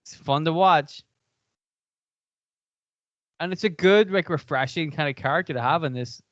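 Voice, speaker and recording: A man with an Irish accent chatting casually as a podcast co-host, rambling in an animated way. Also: a little high, moderate pace, dry recording, muffled recording. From Ireland. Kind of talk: casual chat.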